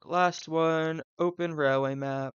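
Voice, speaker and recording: A man's voice: fairly high pitch, fairly even intonation, slow pace, clear, resonant tone, no room sound, muffled recording. A man from the Southern US, streaming live and thinking aloud, rambling with fillers and side tangents.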